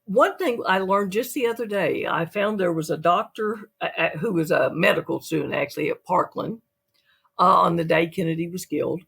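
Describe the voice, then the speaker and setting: An author and podcast guest with a gravelly, husky voice at a middling pitch. The storytelling is lively, with the lines of other people acted out along the way. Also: moderate pace. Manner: lively storyteller who acts out quotes. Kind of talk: storytelling in an interview.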